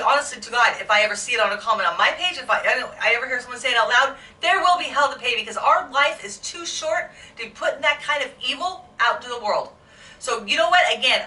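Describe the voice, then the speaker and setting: Woman vlogger, high bright voice, heated emotional rant, echoey room, mic a bit distant. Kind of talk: angry unedited vlog rant.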